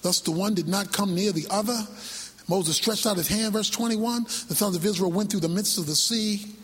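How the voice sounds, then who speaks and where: A male preacher delivering a sermon, building to shouts and sung lines. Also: sits high, moderate pace, slightly rough, big-room sound. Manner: whooping, shouts and sings lines.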